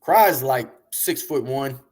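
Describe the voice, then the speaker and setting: A man being interviewed, telling long, animated, profane stories about the music business in a casual way. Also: medium pitch, slow. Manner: animated, profane, rambling storyteller. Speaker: interview guest, music industry figure.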